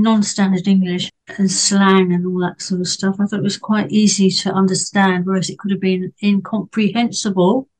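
A woman talking through a book on a club panel in an easy, chatty way. She hesitates often, restarting her sentences and filling pauses with ums as she goes. Her voice sits at an ordinary middle pitch for a woman. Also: low-quality recording. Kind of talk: casual discussion.

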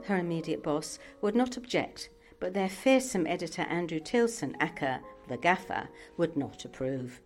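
A woman hosting and narrating a bedtime story in a measured, scripted reading. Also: on the low side, darkish tone. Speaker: host and narrator.

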